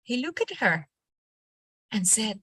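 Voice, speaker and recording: A woman teacher with a Colombian accent, reading a storybook aloud to a class with expressive, animated delivery before moving on to teaching. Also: on the high side, slow, slightly rough, dry recording. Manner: expressive, animated read-aloud with acted character lines. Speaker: teacher leading a reading workshop.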